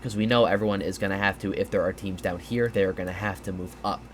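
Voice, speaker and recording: A deep-voiced man talks quickly with fairly even intonation, a slight hiss or hum in the recording. Tired and yawning, he gives a casual gameplay breakdown over a map, rambling with fillers and restarts.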